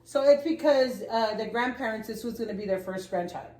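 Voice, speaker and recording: A woman's voice: fairly high pitch, fairly quick, darkish tone. A woman telling stories in a casual chat, laughing often and swearing freely. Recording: echoey room.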